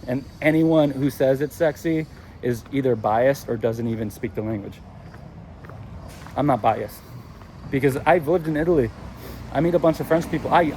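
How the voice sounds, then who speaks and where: Brief: chatty, opinionated male travel vlogger walking outdoors, handheld mic picking up clear traffic noise. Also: mid-range voice, dark tone. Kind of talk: casual walking vlog. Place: city streets outdoors. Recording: street noise around the mic. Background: traffic and urban street noise.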